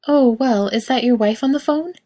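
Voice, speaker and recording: A woman voicing a chipper young saleswoman who is eager to help, speaking bright and bubbly. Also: normal speed, close to an everyday voice. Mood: cheerful. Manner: bright, bubbly, high and lively.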